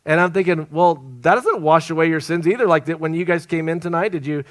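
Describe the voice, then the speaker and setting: A fast-talking traveling evangelist with a slightly high voice, recorded dry, preaches to a live congregation. His sermon is full of animated stories, laughs, and joking asides.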